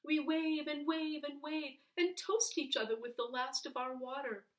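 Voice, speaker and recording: A woman reading a children's book aloud in an expressive, animated way, with dramatic pauses. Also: high voice. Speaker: reader. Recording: voice heard from a distance.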